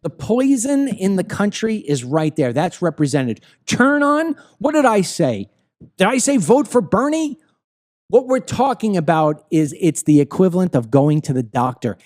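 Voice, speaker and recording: A man's voice: sits high, big pitch swings, moderate pace, darkish tone. A man hosting a political commentary show, ranting heatedly with frequent profanity and stammering when worked up. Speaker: host.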